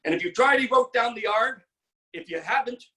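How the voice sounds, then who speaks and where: A woman's voice: fairly high pitch, fairly quick, distant mic. Emphatic older woman giving sales training. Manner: emphatic, energetic, blunt. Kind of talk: motivational training talk. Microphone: video call.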